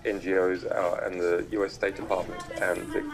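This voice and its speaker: Speaker on a video call: a man with a low, gravelly voice, halting and full of ums and restarts. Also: flat delivery, poor audio. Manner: halting, many uh and um fillers and restarts. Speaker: invited speaker on a video link. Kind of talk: remote public talk. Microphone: video call played through a laptop speaker.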